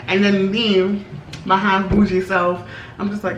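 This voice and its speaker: A young woman, telling a story in animated, slangy style while eating, often laughing. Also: mid-range voice, normal speed, far from the mic, muffled recording. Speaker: vlogger, co-host. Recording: roomy, off-mic, faint background hum.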